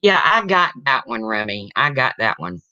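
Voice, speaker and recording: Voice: mid-range voice, very animated, normal speed, bright, forceful tone, clear, resonant tone, no echo. A livestream host telling jokes casually and chatting with viewers, chuckling along. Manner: chatty, chuckling, talks to chat. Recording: dull slightly lo-fi stream audio.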